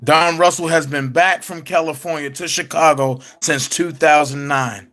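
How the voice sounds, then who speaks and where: A man hosting an online commentary show, speaking in a casual, emphatic way with drawn-out phrases. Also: on the high side, steady tone, fairly bright tone. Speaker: commentary channel host.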